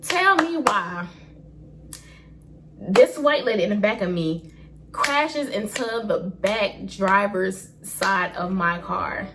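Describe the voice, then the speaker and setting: A woman in her early twenties tells a personal story to her vlog audience in an animated, expressive, slangy way. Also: mid-range voice, takes it slowly. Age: early 20s. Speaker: vlogger.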